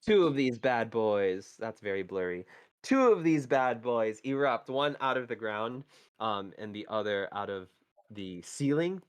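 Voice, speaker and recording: Man, game master, live tabletop game narration, halting, unhurried delivery, dry close sound. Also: on the low side, lively intonation, smooth, no echo. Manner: halting, searching for words.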